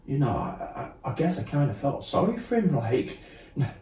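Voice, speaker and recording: A man's voice: mid-range voice, very animated, moderate pace, dark tone. A man telling his story as a guest, blunt and sweary, acting out what people said. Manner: blunt, swears, acts out quotes, many fillers. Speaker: podcast guest. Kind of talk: candid storytelling. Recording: roomy sound, distant mic.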